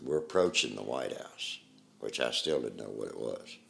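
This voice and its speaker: An older man recounting his memories in an interview, plain-spoken and halting, with pauses and restarts. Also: extremely low pitch, animated, gravelly, fairly bright tone.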